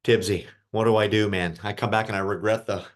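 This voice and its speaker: A man with a lowish voice and fairly even intonation talks a little fast. He's coaching young hockey players on the mental side in an online group session, keeping it casual and encouraging and asking them questions.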